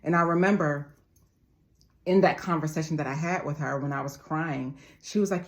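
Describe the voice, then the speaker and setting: A woman's voice: sits low, moderate pace. A woman in her forties giving a motivational monologue, emphatic and repetitive, calling her listeners family. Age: 40s. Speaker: motivational speaker.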